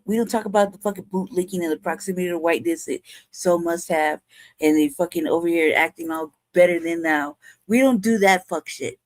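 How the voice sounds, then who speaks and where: A woman's voice: lowish voice, brisk, a little mellow, dry recording. A woman in her forties hosting a podcast, delivering a profane, repetitive rant in heated commentary. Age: 40s. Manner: profane, ranting, repetitive, emphatic. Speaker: show host.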